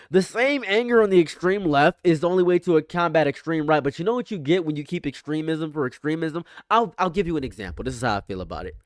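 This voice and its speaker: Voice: mid-range voice, no echo, studio quality. A livestream commentator reacting live, ranting emphatically and repeating phrases for effect.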